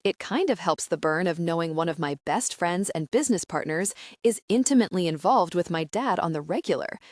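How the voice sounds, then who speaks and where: A woman's voice: lowish voice, lively intonation, fairly quick, a little mellow, no room sound, studio quality. A woman narrating a first-person romance audiobook in a wry, self-deprecating way.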